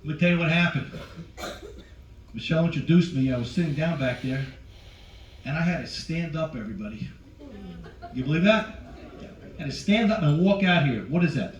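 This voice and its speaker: A brash middle-aged man doing stand-up, teasing the audience directly in a voice pitched a little high. He sounds set back from the mic in a roomy lounge aboard a ship, with faint ambience behind him. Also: animated, fairly quick, pauses often, distant mic, dull audio, slight background noise. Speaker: stand-up comedian. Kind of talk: stand-up with crowd work. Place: cruise ship show lounge.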